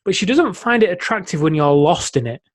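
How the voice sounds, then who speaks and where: Man, fairly high voice, explanatory coaching tone, casual podcast talk. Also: expressive, a little fast. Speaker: podcast co-host, men's coach.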